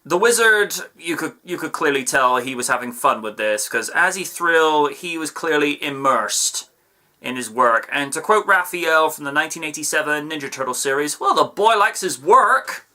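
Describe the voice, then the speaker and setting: Chatty man with a bright voice. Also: fairly high pitch, animated, moderate pace. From United Kingdom. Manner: chatty, with playful asides and digressions. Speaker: episode reviewer. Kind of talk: casual video review.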